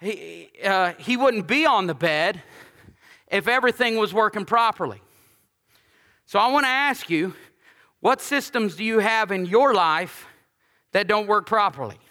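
Bright, high-voiced male preacher in a big hall. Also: a little slow, long pauses. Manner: lively, conversational preaching with humor and asides; repeats key lines for emphasis. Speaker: pastor. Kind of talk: sermon.

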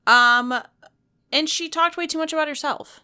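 A woman's voice: sits high, normal speed, sharp tone. A woman co-hosting a casual chat, blunt and opinionated, often laughing.

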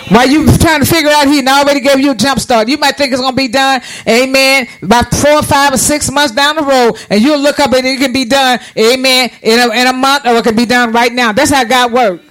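Man preaching w/ a really high voice, lots of call and response, keeps restarting lines. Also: steady tone, fairly quick, few pauses, fairly bright tone, rough recording. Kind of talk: sermon.

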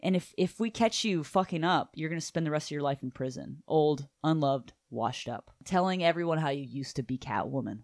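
Someone doing a hushed, menacing gangster from a comic, as a podcast host acts him out, low and even, never raising his voice. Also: fairly quick, few pauses, dry recording, clean studio sound, lightly acted. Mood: quietly menacing. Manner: soft, low and threatening. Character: quiet, menacing male crime boss.

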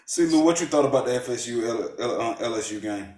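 A man co-hosting a sports podcast, teasing his co-hosts and asking pointed questions in halting casual chat. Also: medium pitch, lively intonation, a little mellow. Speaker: podcast co-host. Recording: echoey room.

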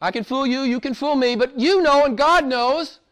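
High-voiced preacher with big swings. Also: male voice, moderate pace. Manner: conversational, rhetorical questions, repeats himself for emphasis; swings from quiet and low to loud, high and excited. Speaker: pastor. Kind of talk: sermon.

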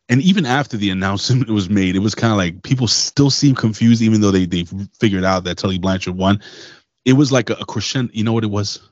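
A man's voice: lowish voice, brisk, no echo, lo-fi sound. Profane, rambling man on a podcast. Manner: loose, profane, rambling storyteller. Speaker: podcast co-host. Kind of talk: casual wrestling podcast chat.

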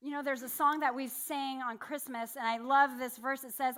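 A woman's voice: high voice, steady tone, normal speed, hardly any pauses, fairly bright tone. A woman giving a sermon, telling a personal story in a candid, self-deprecating way with laughs. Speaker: church speaker.

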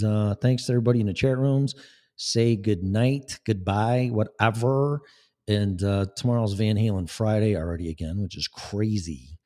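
A man's voice: fairly low pitch, darkish tone. A man hosting a live talk show, speaking in a blunt, sarcastic, rambling way. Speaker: podcast host. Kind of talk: casual live-show monologue.

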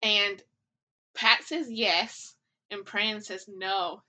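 A woman co-hosting a podcast, excitedly retelling scenes from a drama in a casual chat. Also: medium pitch, drawn-out words. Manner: excitable, animated storyteller with bursts of laughter. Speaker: podcast co-host.

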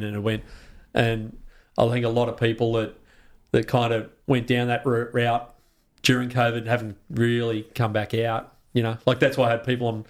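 An Australian man speaking as a guest in a relaxed podcast chat. His voice sits at an ordinary middle pitch, and he talks with real passion, swearing freely and restarting sentences as his thoughts race ahead. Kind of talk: casual conversation.

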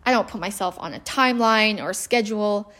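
A woman's voice: medium pitch, fairly quick, fairly bright tone. A woman hosting a solo podcast, talking in an earnest, conversational way about parenting and laughing now and then. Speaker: podcast host.

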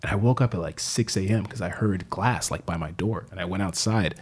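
Casual storyteller, low husky male voice, swears a lot. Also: a little fast. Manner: animated, swears freely, acts out quotes. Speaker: guest telling stories.

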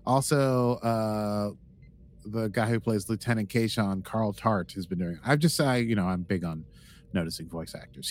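A man's voice: on the low side, darkish tone, a little hiss or hum. A man co-hosting a podcast in casual chat, rambling and playful with many fillers. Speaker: podcast co-host.

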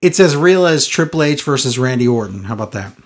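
A podcast co-host with a mid-range male voice talks fast and animatedly in a casual chat. He recaps a wrestling show with sarcasm and clear exasperation.

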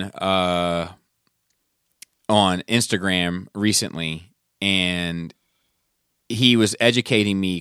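A man's voice: lowish voice, pushed and bright, clean tone, no room sound, studio quality. A man co-hosting a podcast, reading listener messages in a casual, laid-back way and swearing freely. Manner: laid-back, profane, laughs at his own stories.

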